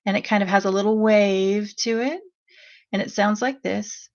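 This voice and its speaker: A woman leading a guided meditation with chanted vowel sounds, speaking slowly and gently. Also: medium pitch, steady tone, highs cut off. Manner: slow, gentle and soothing.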